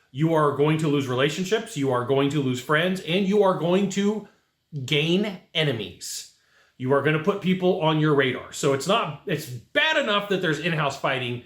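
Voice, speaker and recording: A man's voice: on the high side, a bit bright, roomy sound. A man hosting a career advice channel, talking directly and repetitively with emphatic rhetorical asides. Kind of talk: casual advice monologue.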